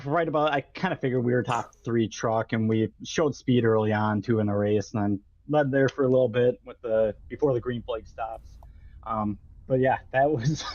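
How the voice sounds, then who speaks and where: A man, a racing driver, giving a quick, chatty post-race interview while still catching his breath. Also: medium pitch, a little mellow. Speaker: racing driver, second place. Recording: dull lo-fi line with faint noise.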